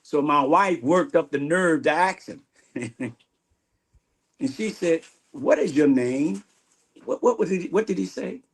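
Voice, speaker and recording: Husky guy telling his faith story, really animated, voice jumping all over. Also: fairly high pitch, a little slow. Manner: animated storyteller, acts out quoted dialogue. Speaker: guest minister. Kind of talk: testimony in interview.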